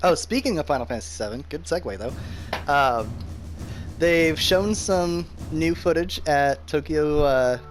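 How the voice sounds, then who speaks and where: A man hosting a casual let's play, joking lively with his co-player. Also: a little high, unhurried. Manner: lively, joking, reads game dialogue aloud. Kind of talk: casual gameplay chat. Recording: faint music behind.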